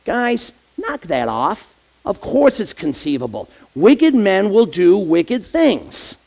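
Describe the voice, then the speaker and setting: This man's voice is high, creaky, and very animated, though he never hurries. He's an associate pastor giving a conversational church sermon, talking directly to his listeners and asking them rhetorical questions.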